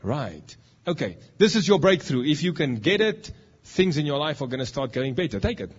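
A man preaching a lively sermon in a church, joking and teasing the congregation as he demonstrates a point. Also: a little high, moderate pace, slightly rough, lo-fi sound. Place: church hall.

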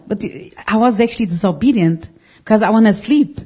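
A woman tells her testimony before a congregation in a mellow, warm voice. She speaks earnestly, restarting sentences and phrasing things loosely as the story pours out. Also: fairly high pitch, brisk. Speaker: congregation member giving testimony. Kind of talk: personal testimony.

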